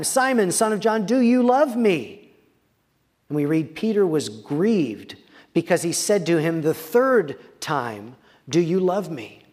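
A man with a high voice delivers a sermon from the pulpit. He reads scripture slowly, dropping into quiet, dramatic pauses. His voice carries a long reverb from a church sanctuary. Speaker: pastor.

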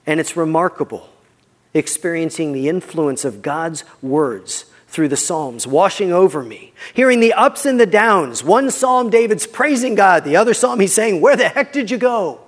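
High-voiced earnest pastor in a reverberant church. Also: male voice, lively intonation, moderate pace. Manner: earnest, conversational preaching that often drops soft for emphasis. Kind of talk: sermon.

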